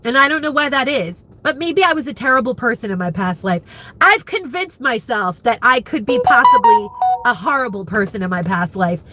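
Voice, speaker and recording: A woman's voice: on the high side, animated, moderate pace, pushed and bright. Candid, emotional woman in her fifties. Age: 50s. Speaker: vlogger. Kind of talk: candid live chat.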